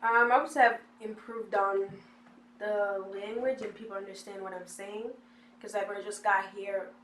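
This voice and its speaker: A woman's voice: mid-range voice, flat delivery, moderate pace, fairly bright tone. A young woman telling her story in a documentary interview, chatty and acting out what others said. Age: young adult. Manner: chatty, acts out quoted people. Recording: echoey room, faint hiss.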